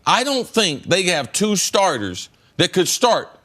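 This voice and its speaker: An emphatic middle-aged man argues his case on a sports debate show, repeating himself for weight. His pitch swings widely, climbing high when he presses a point. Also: big pitch swings, a little slow, a bit bright. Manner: emphatic, repeats words, rises sharply when making a point. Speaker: former pro football player turned analyst.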